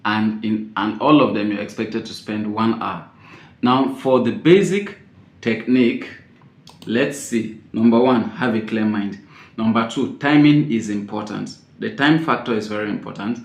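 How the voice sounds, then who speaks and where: A man giving a spoken tips lesson as an exam-prep teacher, repeating his key points and stressing words with sudden loud jumps. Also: fairly low pitch, unhurried, creaky. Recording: roomy echo.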